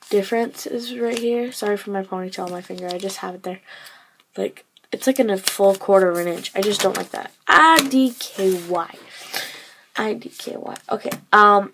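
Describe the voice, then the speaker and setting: A woman's voice: mid-range voice, slight background noise, low-quality recording. A tired teenage girl talking casually as she shows off her handmade duct tape wallets, chatty and full of fillers. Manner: chatty, filler-heavy, trailing off. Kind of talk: casual show-and-tell vlog.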